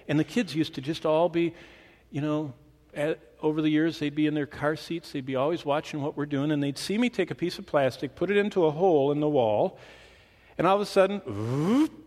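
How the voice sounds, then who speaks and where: A man preaching a sermon to a congregation, animated, with his pace and volume shifting for emphasis. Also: fairly high pitch. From Michigan. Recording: long reverb of a hall.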